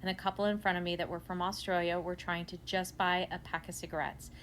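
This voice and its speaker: Brief: American woman, lowish voice, lively storyteller, faint room hiss. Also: quick pace. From United States. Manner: animated storyteller, acts out quotes. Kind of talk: casual anecdote.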